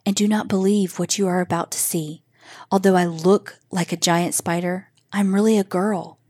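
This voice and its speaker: A woman voicing a girl turned into a giant spider, speaking softly and gently in a near whisper. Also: lowish voice, fairly even intonation, moderate pace, dry recording, studio quality, natural voice.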